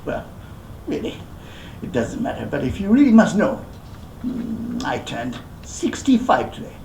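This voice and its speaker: A rakugo performer voicing a sixty-five-year-old man, a boastful know-it-all, who plays host in a hearty, self-satisfied way. The performer uses a gravelly voice with a lively pitch, heard in an echoey hall. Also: measured pace, slight background noise. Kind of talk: rakugo storytelling.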